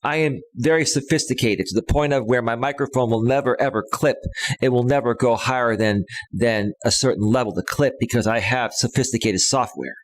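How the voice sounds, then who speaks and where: A man in his thirties rants on a live stream, combative and heated, hammering the same phrases again and again. His voice sits in an ordinary middle pitch. He talks close to a clean studio microphone. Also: a little fast. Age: 30s. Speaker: live stream host, life coach. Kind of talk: ranting live stream monologue. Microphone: close studio microphone with a limiter.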